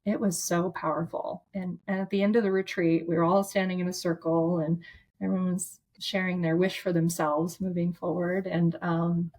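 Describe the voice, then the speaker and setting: Heartfelt lower-voiced woman therapist. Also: flat delivery, moderate pace, a little mellow. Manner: heartfelt, frequent "like" and restarts. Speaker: trauma therapist, guest. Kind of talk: casual storytelling.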